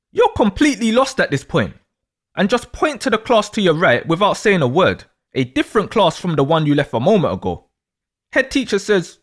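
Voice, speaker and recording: A man narrating a second-person story with real drama in his delivery. His voice sits high for a man and leaps around in pitch. He is animated, pulling the listener along. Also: moderate pace. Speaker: astrology storyteller.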